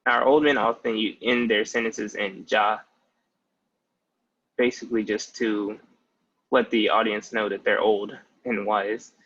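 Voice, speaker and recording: A man's voice: fairly low pitch, flat delivery, unhurried, long pauses, fairly bright tone, breathy edge, highs cut off. A young man in his twenties giving a patient, casual language lesson with many "like" fillers. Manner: patient, explanatory, with frequent "like" fillers. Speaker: language teacher.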